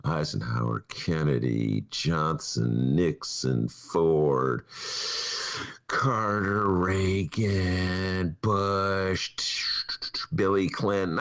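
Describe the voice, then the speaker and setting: A man's voice: low-pitched, very slow, creaky. An older man with a Chicago accent, hosting a talk show and doing a sarcastic comic monologue that mocks what he reads aloud. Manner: sarcastic, mocking voices. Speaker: podcast host.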